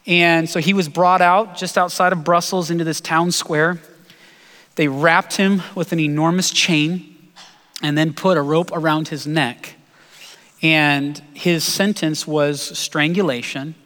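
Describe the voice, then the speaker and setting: Pastor preaching in a reverberant hall. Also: male voice, fairly high pitch, steady tone, a bit bright. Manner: earnest storytelling, slowing for emphasis. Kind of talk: sermon. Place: church sanctuary.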